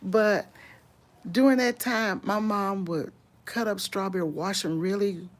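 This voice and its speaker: Woman, unhurried drawl, chatty live-stream talk, laughs often, outdoors on a walk. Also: medium pitch, fairly even intonation. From Louisiana. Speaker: vlogger host. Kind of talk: casual live-stream chat answering viewers.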